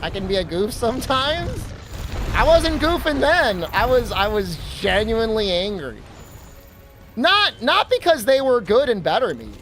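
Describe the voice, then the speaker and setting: High-voiced man rambling on stream. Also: big pitch swings, moderate pace, a bit bright, soft background music. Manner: rambling, self-deprecating storytelling. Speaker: livestreamer. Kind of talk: casual stream chatter.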